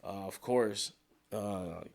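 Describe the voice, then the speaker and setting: A man casually recapping a TV episode, animated and slangy, with frequent swearing and acted-out character lines. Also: lowish voice, very slow, creaky. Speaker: TV show recap commentator.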